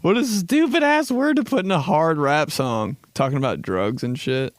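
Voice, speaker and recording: A young man hosting a solo comedy podcast, animated and swearing freely as he acts out little scenes in other voices. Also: a little high, moderate pace, dry recording, studio quality. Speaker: podcast host.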